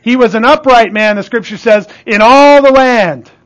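A man preaching a sermon with emphatic call-and-response, asking "Amen?" and often dropping to a hush for emphasis. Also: extremely high pitch, normal speed, highs cut off. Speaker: pastor.

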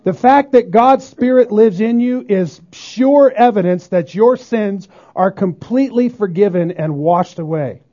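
A pastor preaching a sermon emphatically, often asking the congregation whether they agree. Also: male voice, high-pitched, a little slow, hardly any pauses, dark tone. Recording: dull lo-fi sermon recording.

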